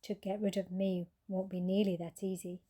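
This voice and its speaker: A woman's voice: mid-range voice, flat delivery, moderate pace, dark tone, natural voice. A woman voicing a tiny, smug flea that teases in a sing-song way in a read-aloud storybook. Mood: teasing. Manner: teasing, sing-song taunting. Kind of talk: storybook character voice.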